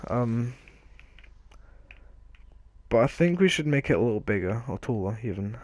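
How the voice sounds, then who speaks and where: A man's voice: mid-range voice, animated, normal speed, darkish tone, dry recording. A man casually commenting on his own video game play, rambling and joking at himself, often trailing off mid-sentence. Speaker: gaming video host.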